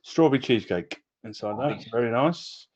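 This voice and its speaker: A man's voice: mid-range voice, animated, brisk, darkish tone, slightly rough. Hesitant man listing gear, lo-fi. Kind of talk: casual group chat. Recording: dull lo-fi call audio.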